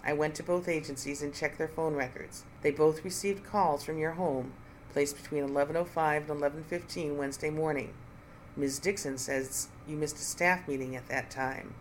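A reader voicing a cautious, sympathetic male police lieutenant who speaks in a measured way. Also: medium pitch, steady tone, a little hiss or hum, close to an everyday voice, poor audio. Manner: measured, quiet and apologetic.

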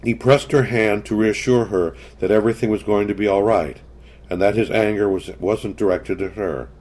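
A man narrating a story in a measured, scripted reading. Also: fairly low pitch, darkish tone.

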